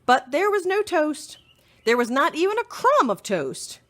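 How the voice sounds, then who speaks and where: Woman librarian reading a kids chapter book, lively up and down storyteller voice. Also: high voice, unhurried. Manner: expressive, animated storytelling. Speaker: children's librarian.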